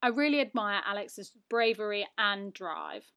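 A woman's voice: mid-range voice, animated, unhurried, pushed and bright, clean tone. A young woman with a British accent, hosting a casual solo podcast in a chatty, self-mocking way with lots of fillers. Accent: British English. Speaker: podcast host.

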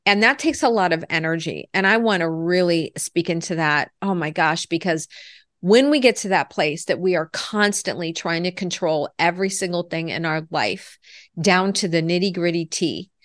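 A woman's voice: on the low side, normal speed, a bit bright, no echo, clean studio sound. A woman lifestyle coach answering interview questions in an earnest, reflective way, with frequent "you know" asides.

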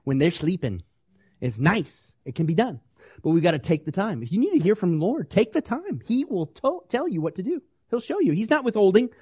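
A male pastor delivers a lively sermon. His voice sits high for a man and sounds dry and close. He keeps asking the congregation questions and acts out the voices he quotes. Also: brisk, slightly rough, no echo. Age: young adult or middle-aged, parent of small kids.

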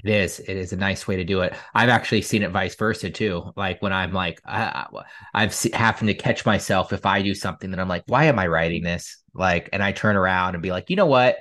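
A man's voice: deep voice, steady tone, fairly quick, bright, forceful tone. A man hosting a podcast, asking long rambling questions with many hesitations. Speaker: podcast host. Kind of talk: casual podcast interview.

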